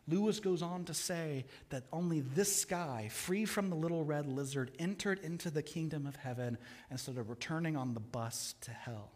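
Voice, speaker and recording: A man's voice: a little high, normal speed, hardly any pauses, darkish tone. A male pastor telling a story during a sermon and turning it to his listeners. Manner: retelling a story, then addressing the congregation.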